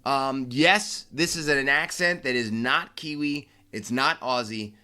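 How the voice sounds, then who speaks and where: A man's voice: medium pitch, measured pace, pushed and bright, smooth. An American man hosting a solo sports podcast, talking casually with brash flair and frequent restarts. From United States. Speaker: podcast host.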